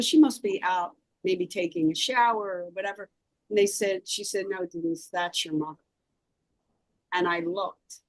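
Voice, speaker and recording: A woman's voice: lowish voice, dry recording, poor audio. A woman from South Philadelphia with a Philadelphia accent, a guest author telling an intense personal story in an emphatic way. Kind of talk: interview storytelling.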